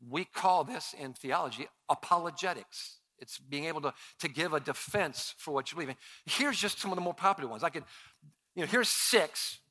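A man preaching a sermon, telling personal stories in an animated way, his voice rising loud for emphasis. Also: fairly high pitch, normal speed. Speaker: pastor.

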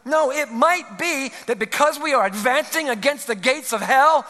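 With an extremely high-pitched voice that sounds pushed and bright, a male pastor delivers a sermon at a moderate pace. He pleads earnestly, building rising emphasis on each point, while the large church hall adds long reverb.

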